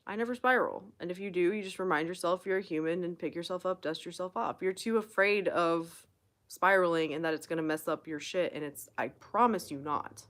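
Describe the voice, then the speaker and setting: A woman's voice: lowish voice, steady tone, fairly quick, fairly bright tone. A woman hosting a live question-and-answer stream as a manifestation coach, talking bluntly and emphatically, swearing freely as she encourages viewers. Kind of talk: casual live-stream advice, reading viewer comments.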